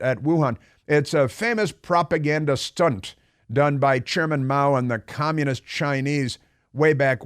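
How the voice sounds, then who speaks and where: A man's voice: mid-range voice, no echo. Brief: male radio host, sarcastic and rambling, mid-range voice, close dry studio mic. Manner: sarcastic, rambling, many fillers and restarts. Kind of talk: political talk radio monologue.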